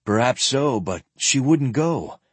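A man as a terse, steady knight, husky. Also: mid-range voice, slow, dry recording.

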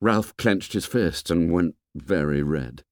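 A male narrator reads a novel slowly and deliberately, his pitch rising and falling widely to carry the drama. The sound is close and dry, with no room around it. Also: dry recording. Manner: measured, expressive storytelling. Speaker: audiobook narrator. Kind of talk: scripted narration.

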